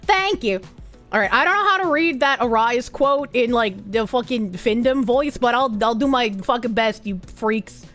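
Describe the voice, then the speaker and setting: A woman's voice: a little high, animated, moderate pace, a bit bright, soft background music. A woman streamer chatting casually with her viewers, swearing often and rambling off on tangents. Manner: swears a lot, rambling and self-interrupting. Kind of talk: casual live-stream chat.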